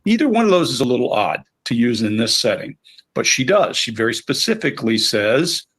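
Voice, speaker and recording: Punchy man with a husky voice. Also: medium pitch, big pitch swings, fairly quick, a bit bright. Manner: punchy, vivid, mimics rhythms aloud. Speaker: body language analyst panelist. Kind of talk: analytical commentary.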